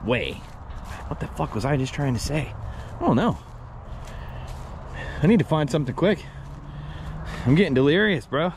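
Thirties man exploring woods on a handheld camera, high and lively, jokey and excitable. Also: slight background noise. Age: 30s. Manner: excitable, rambling, swearing, jokey. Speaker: paranormal explorer vlogger. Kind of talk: casual outdoor vlog. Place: woods outdoors.

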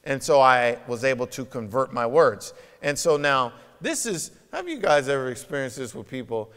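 A man's voice: mid-range voice, sing-song, moderate pace, a bit bright, smooth. A man preaching a sermon as pastor, emphatic and conversational, with many rhetorical questions, recorded in a church sanctuary. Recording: long reverb of a church hall.

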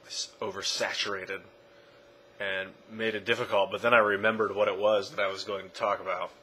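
A man talking casually to his camera in a rambling way, correcting himself and often trailing off quietly. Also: lowish voice, flat delivery, fairly quick, husky, poor audio. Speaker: vlogger. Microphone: camera mic.

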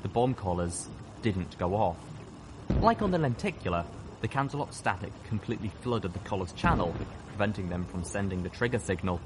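Low-voiced man narrating over battle noise. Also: fairly quick. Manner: steady, intense first-person storytelling. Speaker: audiobook reader. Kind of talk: dramatic audiobook narration. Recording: noisy with battle sound effects.

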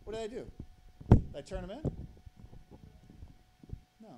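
A man's voice: high voice, expressive, measured pace, heavy background noise. A man telling a rambling, profane story on stage as a stand-up comedian.

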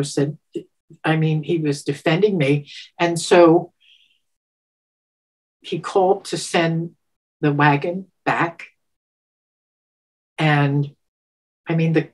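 A woman in her seventies telling a personal story in an interview, animated, laughing often and getting emotional with halting restarts. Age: 70s. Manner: animated, laughs often, acts out quotes with sudden pitch jumps. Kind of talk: storytelling, recounting a personal memory.

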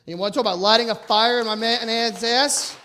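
Man, middle-aged, motivational speaker, high-pitched, loud, emphatic storytelling, live audience talk. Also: steady tone, a little fast, slight background noise.

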